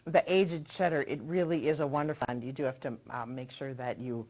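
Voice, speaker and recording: A woman's voice: very deep voice, steady tone, fairly quick, darkish tone. A middle-aged woman hosting a local TV cooking segment, chatting in a friendly, promotional way while she tastes the food. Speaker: TV show host. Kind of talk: casual cooking segment chat.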